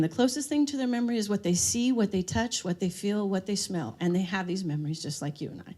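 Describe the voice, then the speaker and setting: During a live dementia-care seminar, a woman tells stories and quizzes the audience in the room. Her voice sits in the mid range, sounds expressive and darkish, and moves a little quickly.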